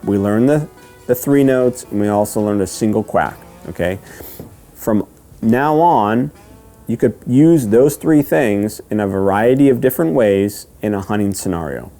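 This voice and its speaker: A man giving a step-by-step lesson, patient and repetitive, often checking in with "okay?" and slowly counting out rhythms. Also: lowish voice, expressive, dark tone, soft background music. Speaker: duck calling instructor. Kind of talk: step-by-step instruction.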